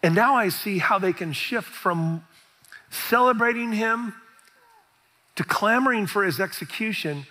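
A middle-aged man preaching a sermon as pastor, telling stories with animated, acted-out quoted reactions. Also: sits high, a little slow. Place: large church hall. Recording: reverberant church hall.

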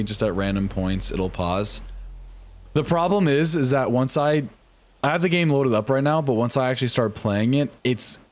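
A young man streaming a game live from home, talking to his chat in a flustered, swearing way. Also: mid-range voice. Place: home room with computer.

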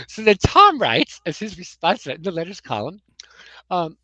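A woman's voice: fairly low pitch, big pitch swings, unhurried, pauses often, pushed and bright, no room sound, poor audio. An American woman in a casual interview, telling rambling anecdotes with many "you know"s and chuckles. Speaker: comics writer, guest.

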